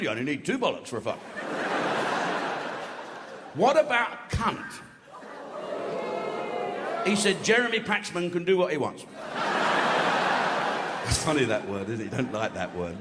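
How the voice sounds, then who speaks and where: A man's voice: medium pitch, sing-song, brisk, noisy background. A man doing a live stand-up routine, telling crude stories with heavy swearing. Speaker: stand-up comedian. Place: large theatre stage. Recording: echoey hall with loud audience. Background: live audience laughing.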